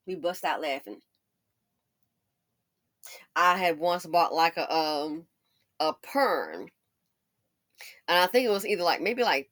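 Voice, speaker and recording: A middle-aged woman hosting commentary, sassy and folksy, telling stories with lots of laughter. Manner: animated, acts out quotes in a high excited voice, laughs often. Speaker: commentary channel host. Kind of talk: casual commentary and storytelling.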